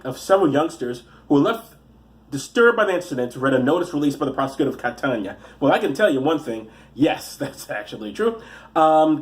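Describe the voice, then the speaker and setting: A man giving profane comic commentary on news stories, rambling and halting, with frequent restarts and asides. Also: a little high. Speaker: comedian reading the news.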